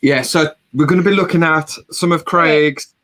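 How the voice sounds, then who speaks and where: A man's voice: a little high, fairly even intonation, normal speed, fairly bright tone. Chatty British man hosting a stream. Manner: chatty, swears casually. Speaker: livestream host. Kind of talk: casual group chat on a video call. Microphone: video call.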